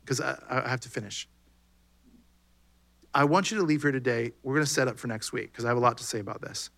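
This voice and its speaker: A man's voice: medium pitch, a little fast, gravelly, fairly bright tone. A man preaching a sermon in a conversational way, acting out bits of dialogue as he goes. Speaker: pastor.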